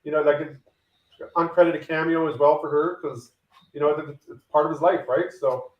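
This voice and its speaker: A man on a podcast panel whose voice comes through a roomy, muffled, lo-fi mic. He speaks a little high and hesitantly, pausing on fillers. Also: fairly even intonation, a little hiss or hum. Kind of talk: casual fan discussion.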